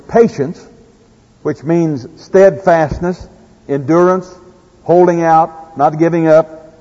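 A man's voice: on the high side, darkish tone, breathy edge. A man with an Oklahoma accent preaching a sermon in a folksy way, telling farm stories and reading scripture. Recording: echoey hall, dull lo-fi sound.

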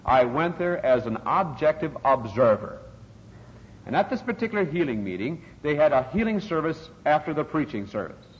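Older male preacher with lively emphatic delivery. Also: a little high, normal speed. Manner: emphatic, dramatic rises on scripture quotes. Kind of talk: expository sermon. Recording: dull, lo-fi, long reverb in a hall.

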